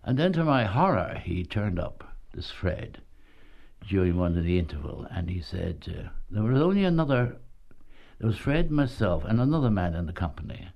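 Older male ex-actor, low gravelly voice, chuckling anecdotal storyteller. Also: very animated, moderate pace, highs cut off. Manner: chuckling storyteller, says "you see" often. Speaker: former travelling actor. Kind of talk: anecdotal reminiscence.

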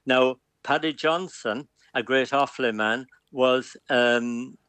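An older man with a Galway accent calls in by phone. His voice sits at a medium pitch with a dry, close sound. He tells long stories and rambles with plenty of fillers. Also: slow pace, smooth, dry recording. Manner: warm storyteller, rambling with fillers. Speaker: phone-in guest, club president. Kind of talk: telephone interview. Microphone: phone line.

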